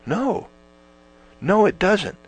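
A man preaching a sermon, emphatic, drawing out words for stress and swinging between loud and quiet. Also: high-pitched, big pitch swings, drawn-out words, slightly rough. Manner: emphatic, rising and falling with stretched words. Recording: mains hum behind.

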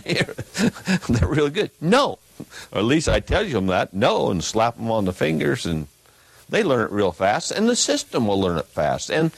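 A man's voice: no echo, low-quality recording. Fiery male preacher with swooping delivery. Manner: emphatic, swings between loud peaks and low asides. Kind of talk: fiery sermon with reading aloud. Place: church.

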